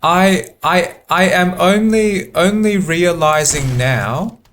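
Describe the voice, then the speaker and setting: A man giving relaxed gameplay commentary, thinking aloud in a halting way and repeating words often. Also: sits high. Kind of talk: relaxed let's-play commentary.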